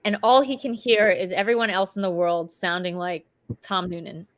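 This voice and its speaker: A woman's voice: medium pitch, steady tone, normal speed. A woman co-hosting a casual chat show from home, rambling and chatty with lots of fillers. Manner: chatty, rambling with many likes. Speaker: co-host.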